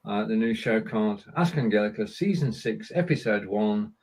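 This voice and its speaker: A man with a husky, slightly breathy voice hosts a relaxed conversation. He talks in a chatty, easygoing way and stumbles a little over the German phrases he reads aloud. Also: fairly low pitch, moderate pace, rough recording. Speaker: podcast host. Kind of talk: casual chat, language lesson.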